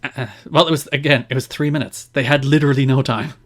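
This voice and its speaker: A man's voice: mid-range voice, fairly even intonation, quick pace, fairly bright tone. A man co-hosting a podcast, chatting in detail about history and laughing often. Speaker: podcast co-host. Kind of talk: casual chat recounting wrestling history.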